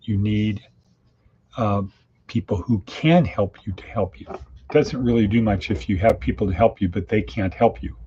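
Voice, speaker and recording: Warm-toned and on the low side, a podcast host talks at normal speed through a casual daily monologue rich in folksy, plain-spoken idioms. It's recorded in dull lo-fi with faint hiss.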